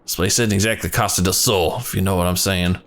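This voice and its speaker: A man voicing a gruff, hard-drinking male merchant in a video game, with a gravelly smoker's rasp and a surly, dismissive manner. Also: deep voice, steady tone, fast talker, a bit bright, a little hiss or hum.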